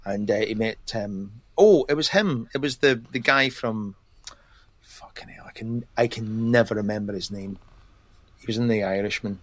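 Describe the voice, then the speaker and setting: A man's voice: lowish voice, moderate pace, dry recording. A man co-hosting a podcast, rambling through anecdotes and casually swearing. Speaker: podcast co-host. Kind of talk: casual chat.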